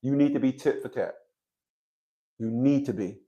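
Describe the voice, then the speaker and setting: An online commentator on child support speaks at normal speed in a medium-pitched, dark voice, with the highs cut off. He delivers a blunt, profane monologue to his viewers, frequently stammering and starting sentences over.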